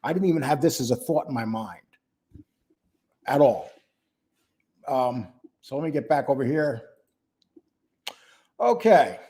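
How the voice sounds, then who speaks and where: A man's voice: medium pitch, animated, measured pace, long pauses, warm tone, husky. An older man hosting a casual livestream, greeting viewers by name and talking bluntly and mockingly. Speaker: livestream host.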